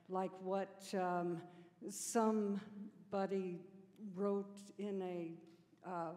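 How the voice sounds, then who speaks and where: A woman's voice: medium pitch, warm tone. A woman from the audience asks a long, meandering question at a conference, stopping and restarting as she goes. The sound is reverberant, like a large hall. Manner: rambling, halting, laughing self-consciously. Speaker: audience member asking a question.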